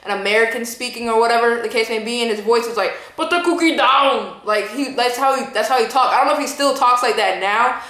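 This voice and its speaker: A woman's voice: a little high, fairly even intonation, fast, few pauses, fairly bright tone. Rambling young woman vlogger in an echoey room. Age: 20s. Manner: rambling, full of "like" and "you know". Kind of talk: casual movie review. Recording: roomy echo.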